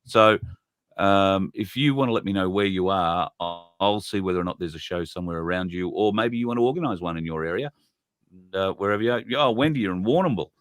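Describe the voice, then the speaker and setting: A man's voice: sits low, lively intonation, brisk, dry recording. An Australian man hosting a live stream in a rambling, chatty way, laughing often. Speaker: host. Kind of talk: casual live-stream chat.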